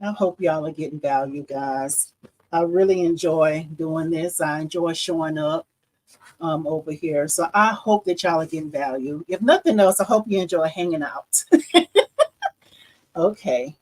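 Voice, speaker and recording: A woman's voice: low-pitched, moderate pace, a little mellow, poor audio. Chatty woman hosting a craft livestream. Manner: chatty, addresses viewers as y'all, laughs often. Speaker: embroidery livestream host. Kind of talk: casual live demo chat.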